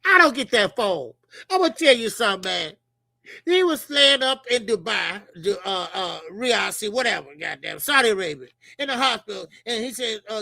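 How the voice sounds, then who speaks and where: A middle-aged man with a Chicago accent giving casual, profane, animated boxing commentary as a channel host. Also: sits high, moderate pace, creaky, dry recording. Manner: animated, profane, laughing banter.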